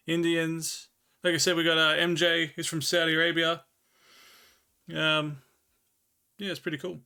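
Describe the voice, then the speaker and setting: A laid-back Australian man chatting with his live viewers in a bright, forceful voice. His pitch sits a little high for a man, and he slows right down when he reads old scripture aloud. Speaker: livestreamer.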